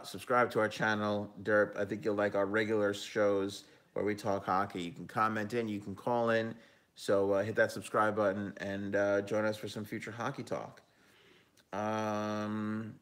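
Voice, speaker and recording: Casual lower-voiced man hosting a hockey stream. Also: fairly bright tone. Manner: casual, chatty, with frequent ums and self-corrections. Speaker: hockey talk show host and analyst. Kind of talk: live-stream sports talk, reading chat.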